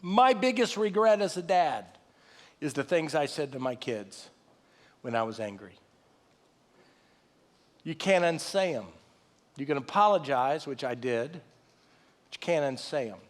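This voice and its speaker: A man in his late fifties preaching a sermon in a folksy, animated way with self-deprecating asides. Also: on the high side, measured pace, long pauses. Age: 50s. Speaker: pastor. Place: large church hall. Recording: live sermon with long hall reverb.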